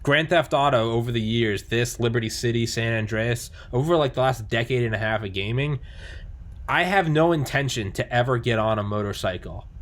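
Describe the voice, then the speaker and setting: A man's voice: mid-range voice, normal speed. A man chatting casually about video games, rambling with lots of fillers, restarts and swearing. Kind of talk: casual chat.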